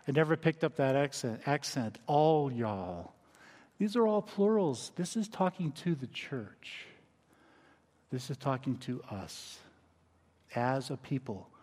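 A male pastor with a slightly higher voice preaches a sermon conversationally and dynamically, often dropping to a quiet, intent hush to drive points home. A long reverb tail suggests a large church sanctuary.

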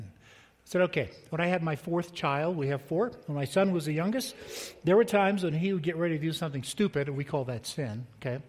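A middle-aged pastor preaches a sermon in a church sanctuary, his voice on the high side with a darkish tone and a brisk pace. He's conversational and jokes with the congregation, and the hall adds a long reverb.

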